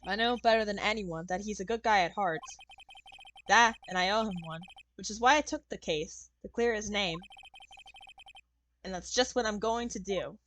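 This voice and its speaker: A woman's voice: medium pitch, normal speed, fairly bright tone, slight background noise, lightly acted. A woman voicing a nervous young male defense attorney, reading his game lines in her normal voice. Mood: narrating. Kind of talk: game dialogue read aloud.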